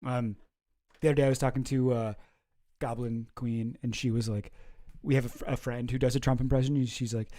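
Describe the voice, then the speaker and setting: Chill guy rambling on his stream, mellow voice, laughs a lot. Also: mid-range voice, flat delivery, brisk. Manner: rambling and chuckling, reacting to chat. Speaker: streamer host. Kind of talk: casual livestream chat.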